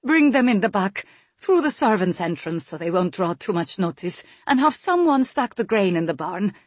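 A woman's voice: mid-range voice, expressive, normal speed, slightly rough, no room sound, voice pushed up. A woman voicing a commanding noblewoman mother who is emotional and bossy, in an audiobook reading. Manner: loud, urgent, commanding.

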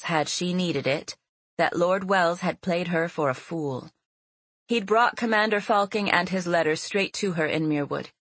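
A woman reading a fantasy novel aloud as an audiobook narrator, in a measured and expressive storytelling manner. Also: fairly low pitch, no echo.

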